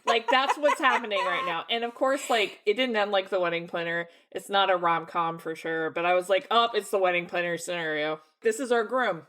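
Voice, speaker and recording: A woman's voice: medium pitch, fairly bright tone. A young woman co-hosting a book club podcast, talking casually and laughing often in a playful way. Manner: giggly, playful, quick to laugh.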